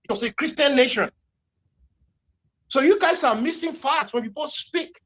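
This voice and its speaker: A man's voice: very high-pitched, moderate pace, fairly bright tone. A man with a Nigerian accent, speaking heatedly and repeating points in a live social media audio chat. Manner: heated, emphatic, repeats himself.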